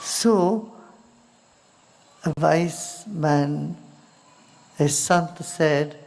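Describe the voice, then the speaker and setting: Slow gravelly Indian man, soft-spoken. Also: on the high side, a little hiss or hum. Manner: slow, soft-spoken, drops to near-whispers. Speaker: spiritual teacher. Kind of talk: spiritual talk with storytelling.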